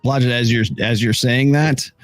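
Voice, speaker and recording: A man narrating a tabletop game as game master, halting and searching for words, laughing often. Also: medium pitch, steady tone, no echo, faint music behind.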